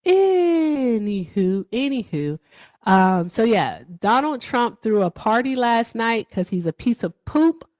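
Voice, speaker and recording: A woman's voice: fairly high pitch, sing-song, measured pace, hardly any pauses, dry recording, clean studio sound. A woman hosting a casual livestream, chatting with guests and viewers, laughing often and trailing off. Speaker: livestream host.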